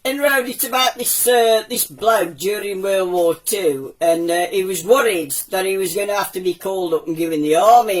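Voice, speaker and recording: A man's voice: high voice, distant mic, close to an everyday voice, poor audio. A man doing a cheeky old Black Country womble. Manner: cheeky joke-teller, does voices for his characters. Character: old male womble puppet telling jokes. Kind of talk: comic puppet storytelling.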